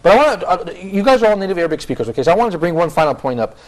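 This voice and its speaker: A man hosting a casual panel talk show, chatty and quick, often restarting his sentences. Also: high-pitched, very animated. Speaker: host.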